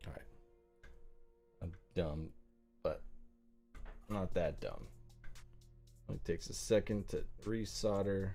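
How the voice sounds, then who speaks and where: A man with a fairly low voice hosts a live build stream, talking casually to his viewers while he works. He cracks jokes and laughs at his own mistakes. Faint music plays behind him. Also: takes it slowly, vocal fry, long pauses, mellow. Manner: self-deprecating and joking, talks to chat while working. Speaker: livestream host.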